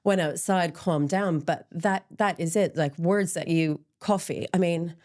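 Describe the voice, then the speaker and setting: Low-pitched middle-aged woman, frank and self-deprecating guest, loose conversational delivery. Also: unhurried, a little mellow. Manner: open and candid, frequent ums, laughs at herself. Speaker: interview guest, menopause support group founder. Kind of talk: candid conversational interview.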